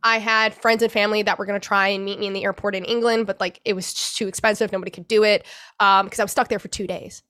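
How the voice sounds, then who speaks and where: A young woman recounting a painful personal ordeal as an interview guest, emotional and halting, with many restarts and some swearing. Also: medium pitch, little pitch movement, a bit bright, clear, resonant tone. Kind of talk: personal account in a podcast interview.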